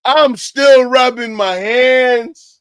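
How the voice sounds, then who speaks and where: A man hosting a livestream, loud and excitable, often shouting as he talks to his chat. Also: very high-pitched, drawn-out words, clean tone, no echo. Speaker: livestream host. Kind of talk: reacting to a clip for chat.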